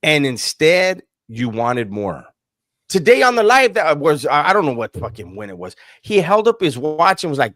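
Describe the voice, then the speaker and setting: A man's voice: on the high side, moderate pace, dry recording, clean studio sound. A man hosting a live-stream talk, swearing often and mocking the person he talks about. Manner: profane, mocking, animated. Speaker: host. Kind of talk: casual live-stream chat.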